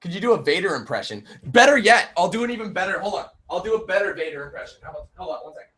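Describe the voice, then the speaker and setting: A man in his twenties chatting on a live-streamed Q&A, animated, swearing and laughing often. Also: sits high, rapid-fire, husky. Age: 20s. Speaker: YouTube gamer and streamer.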